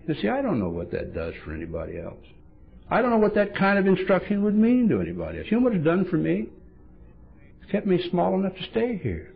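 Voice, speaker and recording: A man's voice: sits high, wildly swooping pitch, fast, creaky, husky. Man, recovery meeting speaker, humorous storytelling, blunt and wry, acts out dialogue, dull lo-fi tape.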